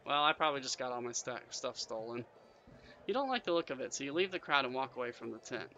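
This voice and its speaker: A man's voice: mid-range voice, very animated, fast talker, bright, forceful tone, low-quality recording. A man reading a fantasy gamebook aloud, narrating in second person with chatty asides. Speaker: gamebook player and reader.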